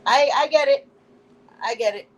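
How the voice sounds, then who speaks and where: Blunt, animated Puerto Rican woman. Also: high voice, normal speed, low-quality recording. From Puerto Rico. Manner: blunt, animated, profane, drops Spanish words. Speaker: livestream host. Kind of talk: casual live-stream chat.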